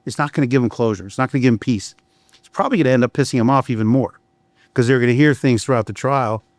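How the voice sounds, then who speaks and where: A man's voice: mid-range voice, fast, darkish tone, no echo. Blunt, profane man on a dry mic. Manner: blunt and profane, storytelling with frequent restarts. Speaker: criminal defense attorney. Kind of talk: candid podcast conversation.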